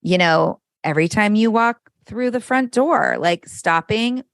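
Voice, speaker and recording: A woman's voice: medium pitch, lively intonation, unhurried, creaky, clear, resonant tone, dry recording, studio quality. A middle-aged woman, a parenting coach, talking candidly and frankly as a podcast guest, swearing freely. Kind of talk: casual conversation.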